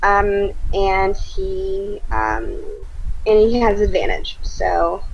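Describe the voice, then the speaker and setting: Woman, tabletop player, animated, slow talking, dull recording. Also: mid-range voice, husky. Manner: animated and giggly. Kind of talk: tabletop game play. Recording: dull lo-fi audio.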